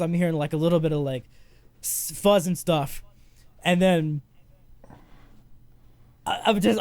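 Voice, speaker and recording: A stoned man hosting a casual podcast, with a somewhat high voice. He rambles and rants, swearing constantly. His voice sounds dry and close, with no room around it. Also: no room sound. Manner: profane, rambling, ranting. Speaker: podcast host.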